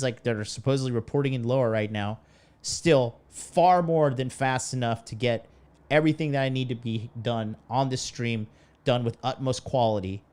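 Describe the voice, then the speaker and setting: A man's voice: mid-range voice, darkish tone. A man streaming live, ranting in a profane, fired-up, preachy way as a dating coach. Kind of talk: casual livestream rant.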